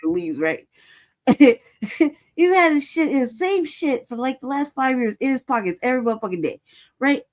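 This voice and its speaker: Speaking high and very animated at an ordinary pace, this woman furiously recounts what happened in casual storytelling. She swears freely, stresses each point, and keeps dropping in "right?" and "cuz".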